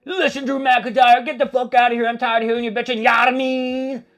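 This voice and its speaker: A man's voice: extremely high pitch, little pitch movement, fast, a bit bright, voice pushed up. A man doing a taunting tough-guy wrestler. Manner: taunting, profane. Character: tough adult male wrestler, menacing.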